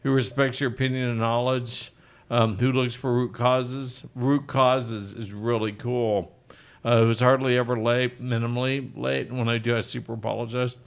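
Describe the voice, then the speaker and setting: A man's voice: mid-range voice, flat delivery, moderate pace, vocal fry, clean tone. A middle-aged male physician hosting a live Q&A, chatting casually and rambling with self-deprecating jokes. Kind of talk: casual live-stream chat.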